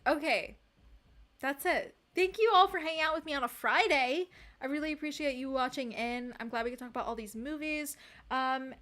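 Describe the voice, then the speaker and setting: A young woman with a high voice, live-streaming and chatting casually with her audience. She rants in an animated way and laughs often.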